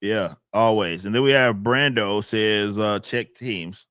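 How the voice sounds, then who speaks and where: Low-voiced laid-back podcast host. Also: male voice, takes it slowly, fairly bright tone, no echo, clean studio sound. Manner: laid-back, chatty, thanking supporters. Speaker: podcast host reading donations. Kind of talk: casual podcast chat.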